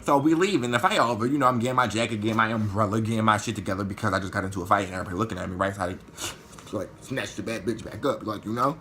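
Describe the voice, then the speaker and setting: A man telling a story in a vlog, animated and profane, acting out what people said. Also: lowish voice, racing, a little hiss or hum. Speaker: vlogger.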